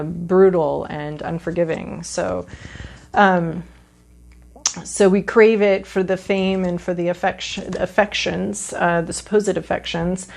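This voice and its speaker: A woman's voice: on the low side, vocal fry. A woman giving a casual tarot reading, rambling with many fillers and restarts and playful asides. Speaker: tarot reader.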